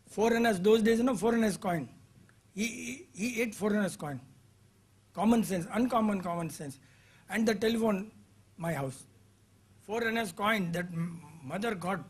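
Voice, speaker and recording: Husky older man leading a seminar. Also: sits high, unhurried, long pauses. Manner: loose, clipped phrases. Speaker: therapy seminar leader. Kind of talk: informal seminar talk.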